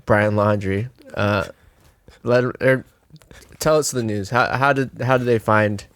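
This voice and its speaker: Young male co-host, a bit nasal, halting delivery, dead-dry room. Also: on the low side, a bit bright, clear, resonant tone, dry recording. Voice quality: a little nasal. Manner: hesitant, stumbling restarts. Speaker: podcast co-host. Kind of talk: casual chat.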